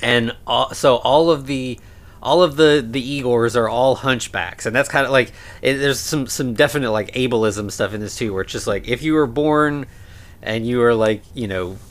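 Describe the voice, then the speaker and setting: A man with a mid-range voice co-hosts a podcast, talking at normal speed through a film. His discussion is casual and rambling, full of fillers and restarts.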